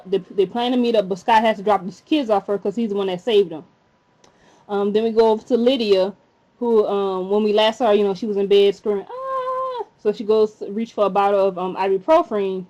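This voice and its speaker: A woman's voice: fairly even intonation, a little fast, mellow. Chatty woman recapping a show, lo-fi. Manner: chatty, with indignant rants that jump up in pitch. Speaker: TV episode reviewer. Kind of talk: casual episode recap. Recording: slightly dull lo-fi recording.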